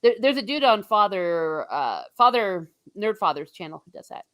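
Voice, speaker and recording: A woman's voice: mid-range voice, big pitch swings, moderate pace, fairly bright tone, no room sound. A woman from Ireland hosting a casual book discussion stream, chatting in a rambling way and reading out viewer comments. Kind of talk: casual livestream chat.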